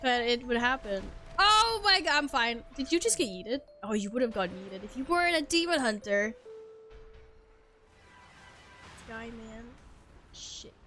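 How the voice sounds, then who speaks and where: A young woman with a slightly high voice chats breezily with her viewers while she plays a game. She teases herself, laughs easily and swears in passing. Soft game music hums quietly underneath. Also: lively intonation, measured pace, long pauses. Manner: chatty, playful and self-mocking, laughs and swears casually. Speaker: streamer. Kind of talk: casual live-stream chat while gaming.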